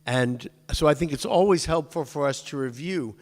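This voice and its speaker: A man's voice: on the high side, moderate pace, darkish tone. A man giving an informal, chatty lecture to a synagogue class and digressing to talk with his students. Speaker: synagogue teacher. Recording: long hall reverb.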